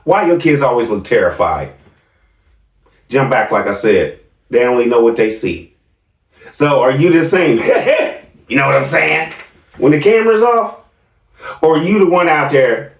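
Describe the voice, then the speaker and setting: A man's voice: medium pitch, lively intonation, unhurried, pauses often, roomy sound, far from the mic. A man giving sarcastic reaction commentary on video clips, questioning his viewers.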